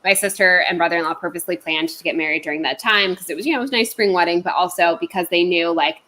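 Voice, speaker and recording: A woman's voice: lowish voice, fast talker, few pauses, bright, forceful tone, slight background noise, low-quality recording. A woman in her thirties telling a work story in casual, profane, ranting chat as a podcast co-host.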